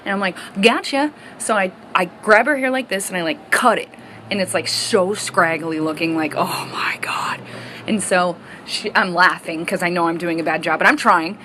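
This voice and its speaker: A woman telling a funny story in a lively way, acting out the voices in it. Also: fairly low pitch, normal speed, a little hiss or hum, poor audio. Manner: animated, acts out voices. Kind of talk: casual storytime.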